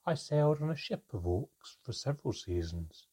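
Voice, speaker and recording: A man voicing a calm, terse older female goblin who speaks slowly and quietly. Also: mid-range voice, breathy edge, pitched above the performer's own voice. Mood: measured. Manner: slow, quiet and measured.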